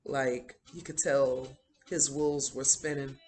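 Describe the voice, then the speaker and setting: A woman's voice: extremely low pitch, steady tone, slow pace, darkish tone. Rambling woman recapping a show. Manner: rambling, many fillers. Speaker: video host.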